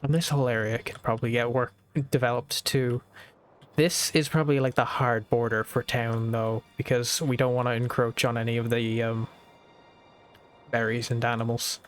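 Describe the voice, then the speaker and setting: Irish guy streaming a game, rambly and loose, mid pitch, soft music underneath. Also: level tone, normal speed. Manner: rambling, thinking aloud with many fillers. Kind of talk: casual gaming stream chat.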